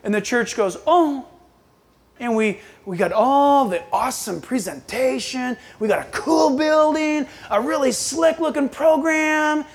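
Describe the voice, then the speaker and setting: A man preaching a sermon, swinging between loud, quick bursts and hushed, low asides. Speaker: pastor.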